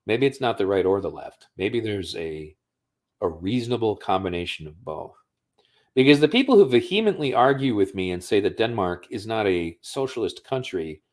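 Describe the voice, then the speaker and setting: A man with a fairly low voice, talking loosely on a livestream. He tells stories in a rambling, conversational way and swears freely. He comes from the United States. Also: darkish tone. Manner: storytelling, profane, conversational. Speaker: streamer. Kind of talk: casual livestream monologue.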